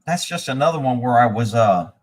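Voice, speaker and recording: A man hosting a live show, telling a long profane story in a casual, animated way and quoting the people involved. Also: mid-range voice, a little fast. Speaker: host.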